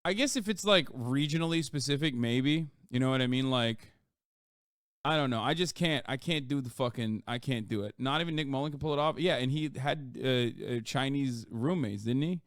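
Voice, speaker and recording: A man streaming live and chatting casually, rambling and swearing, his pitch leaping up when he gets worked up. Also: normal speed, no room sound, studio quality. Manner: profane, rambling, with sudden loud jumps in pitch.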